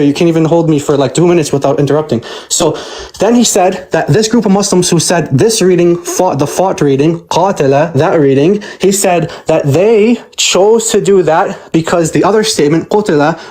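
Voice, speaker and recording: A man in a heated online debate on a video call, making his argument in a brisk, impatient, lecturing way. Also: high-pitched, darkish tone.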